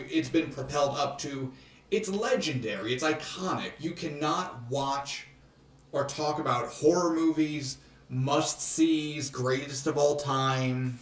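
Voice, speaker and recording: A man co-hosting a casual movie review podcast, joking and animated with playful rants. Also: medium pitch, far from the mic. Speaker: podcast co-host. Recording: echoey room, off-mic.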